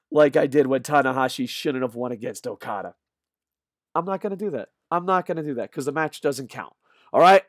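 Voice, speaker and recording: A man ranting in a rambling, profane fan vlog, tired and punch drunk, swinging from loud shouts to low mutters. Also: no echo, clean studio sound. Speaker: wrestling vlogger. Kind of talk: excited fan vlog rant.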